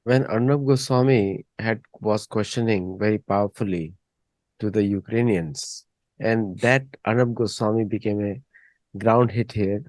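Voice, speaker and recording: A man's voice: on the low side, a little mellow, no room sound. A man hosting a casual discussion, rambling and repeating words as he thinks. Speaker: host.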